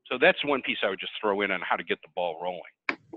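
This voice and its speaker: Animated man on a tinny call line. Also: deep voice, quick pace, breathy edge, dry recording. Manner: animated, conversational storyteller. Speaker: panelist. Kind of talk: webinar storytelling. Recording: tinny phone-like call audio.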